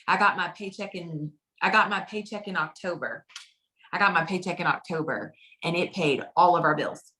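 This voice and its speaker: A woman's voice: lowish voice, moderate pace, pushed and bright. A woman consultant telling her personal story in a casual, chatty way, often repeating phrases for emphasis. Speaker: direct sales consultant.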